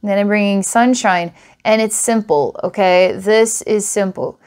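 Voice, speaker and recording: Woman psychic, mid-pitched voice, earnest and rambling, halting restarts, reading for a client. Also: steady tone, a little mellow, clean tone. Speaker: psychic reader.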